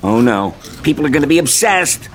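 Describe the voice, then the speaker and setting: A jittery cartoon candy character frets in a bright commercial. The voice swings widely and sits a little high. A faint noise sits behind it. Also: male voice, sing-song, brisk. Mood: fretful. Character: anxious talking candy character, male.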